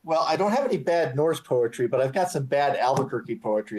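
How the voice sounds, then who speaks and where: A man's voice: medium pitch, animated, brisk, darkish tone. A man on a podcast panel, speaking in a jokey way. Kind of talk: casual panel chat. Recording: faint background noise.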